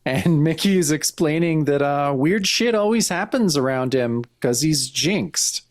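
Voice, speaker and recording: A podcast co-host chatting through a comic, describing each panel in turn with plenty of restarts and fillers. The voice sits at a middling pitch, recorded dry and close with no room echo. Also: lively intonation, measured pace. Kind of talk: casual chat walking through a comic.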